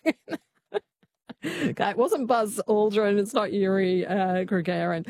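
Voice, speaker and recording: A woman hosting a talkback radio quiz, chatty and quick to laugh. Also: mid-range voice, a little mellow, a little hiss or hum.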